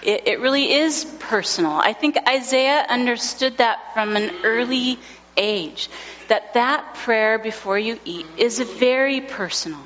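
A woman in her thirties, a pastor giving a sermon, telling a family story with gentle humor. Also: a little high, measured pace, slight background noise. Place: church sanctuary. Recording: lo-fi recording in a large reverberant church.

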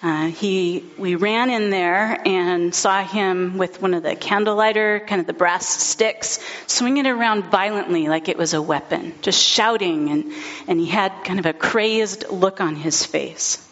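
A woman's voice: on the low side, measured pace, fairly bright tone. A woman pastor preaching a sermon, telling a story in an earnest, heartfelt way, in a dull recording.

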